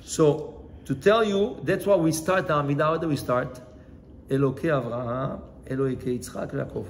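A man teaching as a rabbi in a relaxed, chatty way, telling stories and asking his listeners questions. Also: on the high side, rapid-fire, noisy background. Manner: chatty, asks the listeners questions, mixes in Hebrew phrases. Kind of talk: informal Torah lesson with storytelling.

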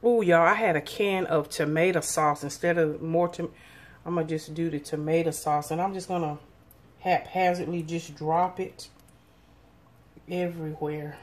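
A woman's voice: low-pitched, fairly even intonation, moderate pace. A woman, chatting casually with viewers in a folksy cooking and eating vlog from her home kitchen. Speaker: cooking vlogger.

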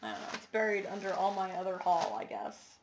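A woman's voice: medium pitch, fairly even intonation, fairly quick, creaky, slight background noise. A woman chatting casually to the camera in a show-and-tell video, rambling with lots of fillers and apologies. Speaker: cross-stitch vlogger.

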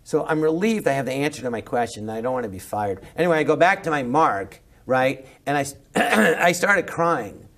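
A middle-aged man, a comedian, telling an animated anecdote in a podcast interview and acting out the voices. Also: mid-range voice, brisk, few pauses. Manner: animated, acts out every voice, jumps to shouting when excited. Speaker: guest comedian.

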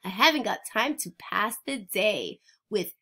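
A woman voicing a big, busy, self-important male dump truck in a picture book, talking in a boastful, hurried way. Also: mid-range voice, lively intonation, pushed and bright, heavily acted.

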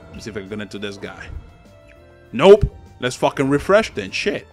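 A man's voice: medium pitch, very animated, normal speed, soft background music. A young man giving profane, trash-talking commentary over online gameplay at home. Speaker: gaming channel host. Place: home apartment with neighbors upstairs.

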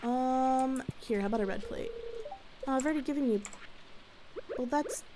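A young woman casually commentating her gameplay, bubbly and excitable and chatting to her viewers. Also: high-pitched, moderate pace, background noise. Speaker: gaming video host.

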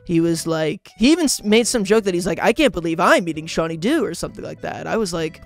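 Excited young man telling a story. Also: high voice, fast, hardly any pauses, faint music behind. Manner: animated, rambling, frequent "like" and "bro". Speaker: YouTuber.

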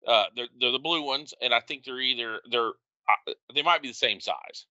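A man's voice: mid-range voice, moderate pace, pushed and bright, no room sound, dull audio. A man co-hosting a podcast, chatting casually and telling wry, joking stories. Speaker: podcast co-host. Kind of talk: casual chat.

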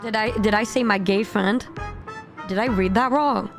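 A young woman streaming a casual game reaction, excitable and quick to shout and laugh, her voice sounding a bit strained. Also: medium pitch. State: voice often strained. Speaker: VTuber streamer. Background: game music.

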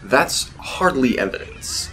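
Brief: man doing a young reporter, skeptical, bright and lively. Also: mid-range voice, slow pace, a little hiss or hum, voice pushed up, heavily acted. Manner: doubtful, dismissive.

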